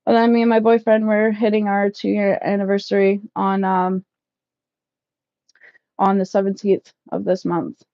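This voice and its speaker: A woman in her thirties chatting casually with live viewers while packing up, loud and laughing, swearing freely. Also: mid-range voice, little pitch movement, unhurried, no room sound, lo-fi sound. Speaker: livestream vlogger. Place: shed, packing up.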